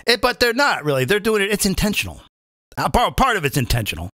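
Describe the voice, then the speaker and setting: Male comedian reading tweets live, mocking and loose; high, lively voice. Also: fast talker, no echo, studio quality. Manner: mocking, animated, lots of fillers and asides. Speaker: comedian and impressionist host.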